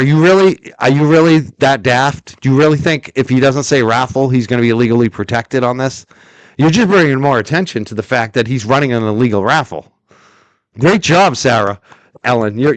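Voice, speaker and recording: A man with a medium-pitched voice hosts a commentary livestream, ranting briskly in a sarcastic, mocking tone. The recording has no room sound.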